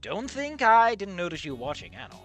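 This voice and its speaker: A reader putting on a male alien teacher with a patient, gently snarky manner. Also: mid-range voice, sing-song, moderate pace, muffled recording, soft background music, voice pushed up. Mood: wry.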